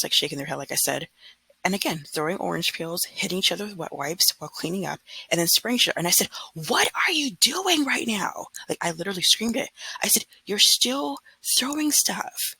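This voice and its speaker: A woman in her thirties, working as a substitute teacher, vents casually and acts out what she told her class, retelling scenes with quoted dialogue in an exasperated way. Her voice is deep, gravelly, pushed and bright with a breathy edge, and the recording is rough with no room sound.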